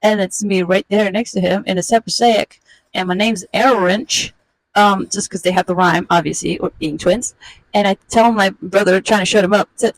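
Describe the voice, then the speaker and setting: A woman's voice: mid-range voice, steady tone, moderate pace, dry recording, poor audio. Sarcastic woman in her forties, dry sound. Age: 40s. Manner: wry, sarcastic, roasting. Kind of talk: comedic illustrated storytelling.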